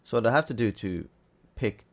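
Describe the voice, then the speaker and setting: Gravelly man explaining a game. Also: on the low side, fairly quick, a little hiss or hum. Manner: relaxed, chatty, thinking aloud with fillers. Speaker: game tutorial host. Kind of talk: casual gameplay tutorial.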